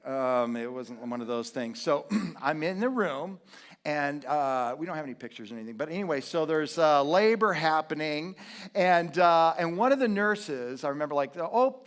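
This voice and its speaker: Animated preaching man. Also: fairly high pitch. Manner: animated storytelling, swings from hushed to loud. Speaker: pastor. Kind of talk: sermon. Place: church sanctuary.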